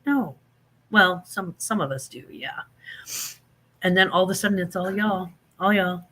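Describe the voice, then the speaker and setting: A man hosting a casual livestream, chatting animatedly with viewers and reading out their comments. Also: high-pitched. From Saint Louis. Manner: animated, chatty, drawn-out emphatic phrases. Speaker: livestream host.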